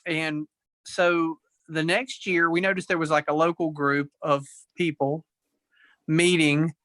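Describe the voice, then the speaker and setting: Bright-voiced man rambling through a story. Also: fairly high pitch, flat delivery, measured pace, dry recording. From United States. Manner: rambling, easygoing, restarts sentences. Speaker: guest. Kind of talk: casual storytelling in an interview. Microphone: remote call.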